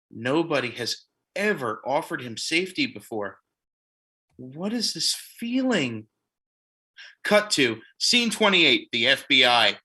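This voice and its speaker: A man narrating the stage directions of a comedic play reading, with wry deadpan asides. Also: on the high side, slightly rough.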